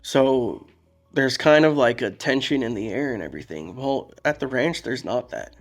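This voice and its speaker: Possibly a man, this podcast guest speaks in a mid-range voice at a moderate pace with lively intonation. He tells a personal story candidly and emotionally, rambling and restarting in casual storytelling.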